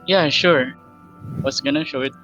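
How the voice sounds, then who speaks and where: Hesitant guy restarting his sentences a lot, bright voice, muffled lo-fi mic. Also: a little high, unhurried, soft background music. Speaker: player voicing an adventurer. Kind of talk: casual tabletop role-play.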